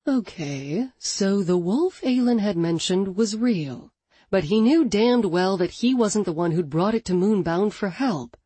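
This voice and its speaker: A woman narrating an audiobook in an expressive, dramatic scripted reading, close to the mic. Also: fairly low pitch, measured pace, husky, dry recording.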